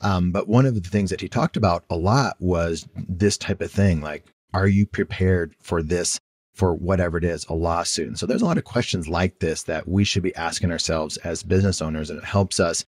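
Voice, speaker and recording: A man with a very low voice hosts a podcast interview, speaking reflectively and relating things back to his own experience. The recording is dry and close. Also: moderate pace, dry recording. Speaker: podcast host. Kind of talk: casual interview conversation.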